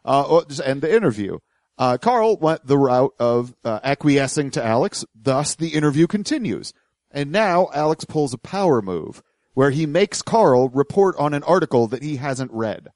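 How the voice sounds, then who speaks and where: A man hosting a podcast, giving casual and critical commentary. His voice sits at a middle pitch and is recorded close and dry. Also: very animated, normal speed, a little mellow, no echo. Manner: critical, explanatory. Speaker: podcast host.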